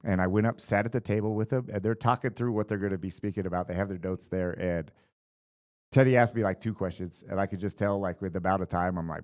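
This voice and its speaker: Man, deep low voice, fight coach guest, lively storyteller, acts out quotes. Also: fast. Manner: animated storyteller acting out quotes with fillers. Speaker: boxing and MMA coach, guest. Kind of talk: casual storytelling interview.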